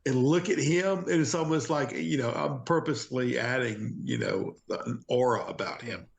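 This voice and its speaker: A man playing in a tabletop role-play game, describing his moves with excited restarts. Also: mid-range voice, normal speed, vocal fry, a little hiss or hum. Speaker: player.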